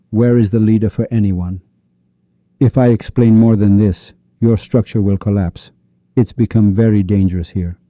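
Guy giving a sufi teaching, very dark mellow voice, keeps asking questions, dry muffled lo-fi sound. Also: fairly low pitch, no room sound. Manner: rhetorical questions, repeated refrains. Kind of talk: spiritual teaching talk. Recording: dull lo-fi recording.

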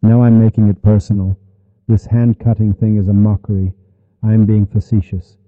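A man's voice: fairly low pitch, level tone, moderate pace, dry recording. A man preaching a heated monologue on Sufism, sarcastic and insulting, with sudden angry outbursts. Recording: dull, dry lo-fi recording.

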